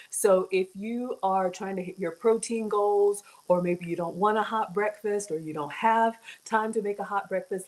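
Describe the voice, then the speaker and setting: A woman's voice: medium pitch, a little mellow, low-quality recording. A middle-aged woman hosting a casual cooking livestream, chatty and greeting viewers by name. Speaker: cooking show host.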